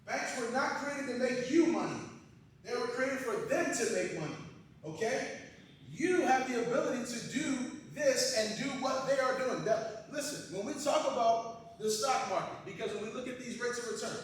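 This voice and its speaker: A man giving a loud, passionate financial workshop to a live audience, checking in with "right?" as he goes. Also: very high voice. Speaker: financial education presenter. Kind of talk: energetic workshop lecture. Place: large echoey hall with a live audience. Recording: very echoey hall, distant mic, faint noise.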